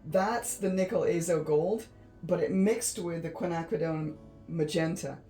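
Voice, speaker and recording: Giggly, awestruck woman, low and mellow. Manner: gushing, giggly, easily awed. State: tired late at night. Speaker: art vlogger. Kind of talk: casual chat to viewers.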